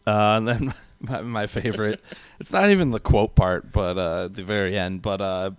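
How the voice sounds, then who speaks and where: A man's voice: fairly low pitch, normal speed, clear, resonant tone, no room sound. A man co-hosting a casual movie review podcast, laughing often and acting out film lines. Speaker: podcast co-host.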